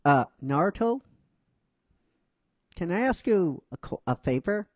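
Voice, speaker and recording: A soft-spoken young woman with a gentle, caring manner, halting now and then as she reassures someone, put on by a male storyteller. The voice sits slightly raised, with a slow and unhurried delivery. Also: sits high, sing-song, no echo, pitched above the performer's own voice.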